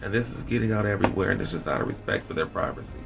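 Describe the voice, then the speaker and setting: A man vlogging a candid personal story with wry dark humor, rambling and repeating his phrases. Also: lowish voice, racing, gravelly. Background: background music.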